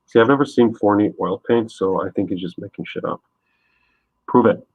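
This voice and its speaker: A husky, fairly low-voiced man rambling easily with lots of fillers as he paints and chats on a live stream. The sound is thin and phone-like, with no room echo at all. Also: normal speed. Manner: rambling, laid-back, frequent fillers. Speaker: streaming artist host. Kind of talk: casual chat while painting. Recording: tinny phone-like sound, dry.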